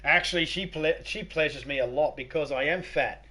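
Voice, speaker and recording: A man's voice: on the high side, normal speed, bright, forceful tone. An Australian man streaming a game, chatting casually and joking with viewers while reading chat aloud.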